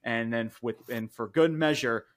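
A man co-hosting a podcast, recapping a wrestling show in casual chat, excited and swearing freely with lots of fillers. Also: mid-range voice, normal speed. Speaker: podcast co-host reviewing wrestling.

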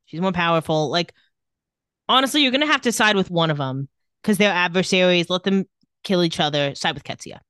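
A woman's voice: fairly low pitch, fairly quick, clear, resonant tone, no room sound, studio quality. A woman co-hosting a podcast, chatting casually as she recaps a TV episode and acts out the lines in put-on voices. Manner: animated, quotes characters in put-on voices. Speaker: podcast co-host.

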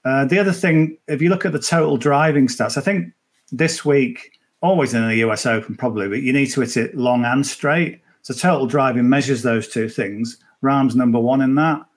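A man joins a podcast remotely from the tournament venue as a golf betting guest, speaking in a mid-range voice at a moderate pace. He chats casually and rambles, with many fillers and restarts.

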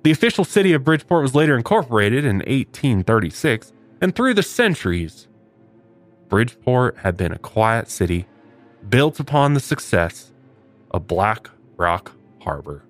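A man's voice: mid-range voice, very animated, normal speed, soft background music. A man hosting a comedy podcast, telling a paranormal story with mock-dramatic flair. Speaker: podcast host.

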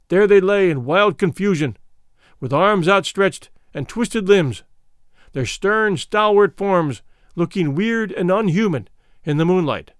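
A man narrating a first-person adventure novel in a measured, reflective storytelling manner. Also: high voice, lively intonation, smooth, no echo, clean studio sound. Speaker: audiobook narrator.

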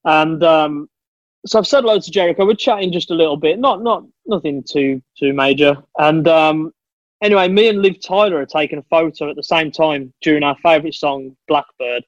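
A man's voice: on the high side, fairly quick, no echo, highs cut off. A man who is a podcast guest, telling stories in an enthusiastic, chatty way and often calling the host "mate". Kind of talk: casual chat.

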